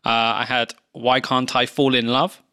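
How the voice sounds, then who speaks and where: Bright-voiced easygoing young man. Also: medium pitch, little pitch movement, moderate pace. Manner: easygoing, lots of filler "like", dry jokes. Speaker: podcast co-host. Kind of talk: casual chat.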